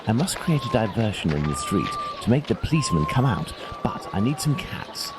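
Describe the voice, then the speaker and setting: An actor playing a calm, clever male detective who speaks politely and reasons aloud in a game. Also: fairly low pitch, a little fast, heavy background noise. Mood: composed.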